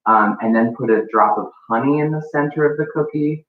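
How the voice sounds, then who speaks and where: A man talks through a baking demo in a relaxed, rambling way, filling pauses with ums and likes. He is some way off the mic in an echoey room, and the sound is thin and phone-like. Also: mid-range voice, far from the mic, slight background noise. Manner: casual, chatty, many ums and likes. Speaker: baking instructor. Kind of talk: live cooking demonstration.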